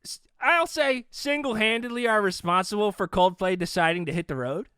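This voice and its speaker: A man hosting an improvised comedy podcast, playful and lively, laughing often. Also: sits high, moderate pace, clean tone, no echo, clean studio sound. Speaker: podcast host.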